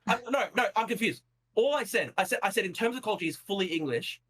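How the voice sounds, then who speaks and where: Young man, high bright voice, fast talker, insistent, repeats himself, heated online debate. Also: lively intonation. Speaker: debate guest.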